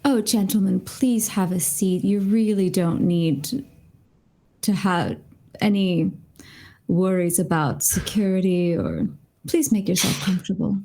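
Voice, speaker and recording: A woman speaking in character at a tabletop game, gracious and polished. Her voice sits at an ordinary middle pitch. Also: animated, unhurried, vocal fry, warm tone. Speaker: player. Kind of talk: in-character role-play.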